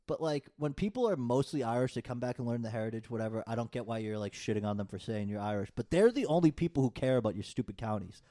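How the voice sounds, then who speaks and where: A young man holding forth on a podcast. His voice sits in an ordinary middle pitch, and he rambles from one rant to the next, swearing freely. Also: lively intonation, fast talker, hardly any pauses, dark tone. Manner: profane, rambling rants. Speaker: podcast co-host. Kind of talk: casual chat.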